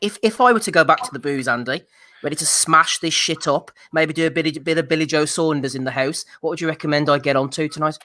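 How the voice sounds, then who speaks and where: A man's voice: fairly high pitch, bright, forceful tone. A man hosting a live stream, teasing his guests and reading out chat comments. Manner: jokey, teasing, quick to laugh. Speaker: host.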